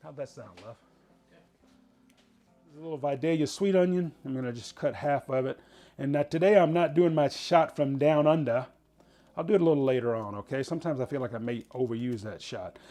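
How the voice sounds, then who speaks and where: A man's voice: mid-range voice, fairly quick, mellow. A man hosting a casual home cooking show, chatting folksily as he explains each step in his kitchen.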